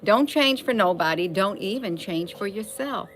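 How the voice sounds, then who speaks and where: A woman's voice: mid-range voice, expressive, moderate pace, a bit bright, slight background noise. A woman talking casually at home in an opinion vlog, emphatic and repeating phrases to drive her point home. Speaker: vlogger. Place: at home, indoors.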